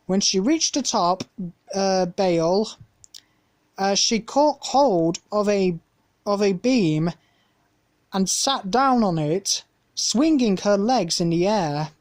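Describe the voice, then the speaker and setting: A woman reads a children's storybook aloud at a very unhurried pace. Her pitch sits in an ordinary middle range, and she reads carefully, stumbling now and then. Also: darkish tone. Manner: slow, careful reading with small slips. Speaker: storybook reader. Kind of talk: reading a children's book aloud.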